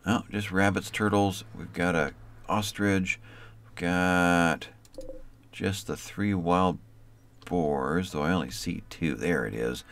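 A man's voice: low-pitched, takes it slowly, a bit bright. A man casually commenting on his colony game as he plays, talking to the colonists by name in an easygoing way. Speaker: let's play host.

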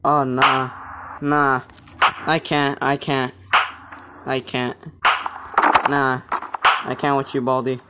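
A man's voice: mid-range voice, little pitch movement, slow pace, long pauses, very noisy. A young man giving let's play commentary, jumpy and swearing, with panicky outbursts. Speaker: gaming YouTuber. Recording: gameplay commentary over loud game music.

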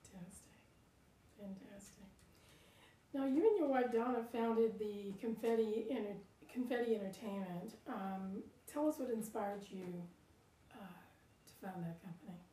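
A woman's voice: medium pitch, a little slow, mellow. A woman interviewing a guest, asking brief prompting questions. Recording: roomy, distant, with faint ambience.

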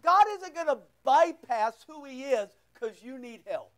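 A man's voice: very high-pitched, animated, unhurried, fairly bright tone. A man preaching a sermon as pastor, emphatic and rhetorical, repeating his phrases.

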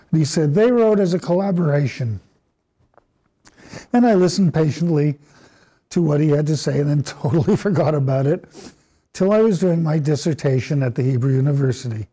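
An older man lecturing at a university colloquium in an anecdotal, storytelling way, often correcting himself and clearing his throat. His voice sits slightly high for a man. The tone is mellow and dark-leaning. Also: moderate pace. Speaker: guest speaker.

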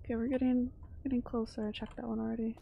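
A woman's voice: a little high, flat delivery, fast talker, creaky, highs cut off, slight background noise. A woman streamer chatting casually while she plays a game, jumpy and chatty, swearing when startled. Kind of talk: casual live-stream gameplay chat.

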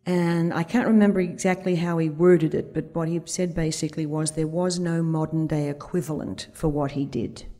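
A woman's voice: sits low, fairly even intonation, normal speed, hardly any pauses, mellow. A woman speaking at a conference, telling a vivid anecdote and quoting the dialogue along the way. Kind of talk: storytelling talk. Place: conference stage before an audience.

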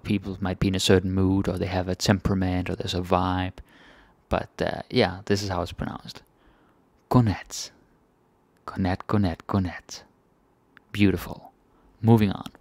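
Deep slow Danish-accented man teaching. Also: creaky, dry recording. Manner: relaxed, repeats words slowly for learners. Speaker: language teacher. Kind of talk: casual language lesson.

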